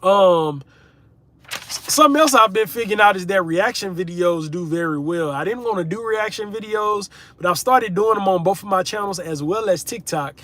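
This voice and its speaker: A young male streamer and content creator with a slightly high voice hosts a casual livestream chat. He's laid-back and chatty as he reads viewer comments aloud.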